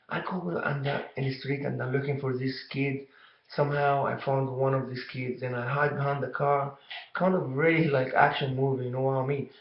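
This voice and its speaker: Guy telling a story to camera, flat even voice, lots of you know, echoey dull room. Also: medium pitch. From Egypt. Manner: rambling, halting, fillers like you know.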